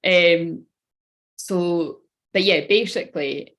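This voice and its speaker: A woman in her thirties with a slightly low voice runs a live-streamed card reading. She rambles from thought to thought and swears casually. She keeps turning to talk straight to her viewers. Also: takes it slowly. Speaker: spiritual reader.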